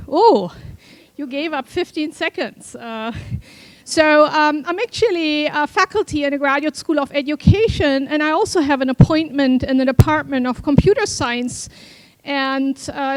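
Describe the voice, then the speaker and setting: A woman's voice: high voice, no room sound. A woman professor giving a short conference talk in a chatty way, with frequent fillers. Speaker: university professor. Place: conference hall stage.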